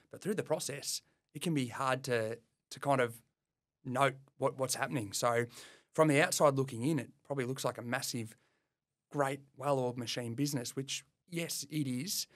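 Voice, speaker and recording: A man's voice: mid-range voice, no echo. Laid-back Australian man, dry close mic. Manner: relaxed, self-deprecating, rambling with restarts. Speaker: podcast co-host, plumbing business owner. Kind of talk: casual podcast chat.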